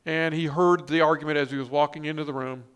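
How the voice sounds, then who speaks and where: A man's voice: fairly high pitch, fairly even intonation, fast talker, fairly bright tone, clean tone. A man preaching a sermon, reading scripture and quotes with emphatic, rising stress and frequent restarts. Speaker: pastor.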